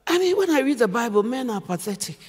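A woman pastor preaching a sermon at a church service, animated and humorous, often exclaiming to the congregation. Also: on the high side, fast, noisy background. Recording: long church hall reverb.

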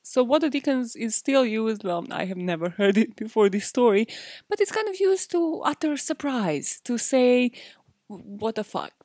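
A woman's voice: fairly high pitch, animated, normal speed, darkish tone, dry recording. Female podcast host, casual and self-deprecating, loose with swearing, dry close sound. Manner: chatty, self-mocking, laughs often, swears freely. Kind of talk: casual true-crime podcast chat.

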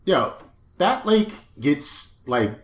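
A man's voice: fairly high pitch, sing-song, very slow. A man co-hosting a casual comedic podcast who brings up news stories with laid-back, dry humor and casual swearing. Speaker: podcast co-host. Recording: echoey room.

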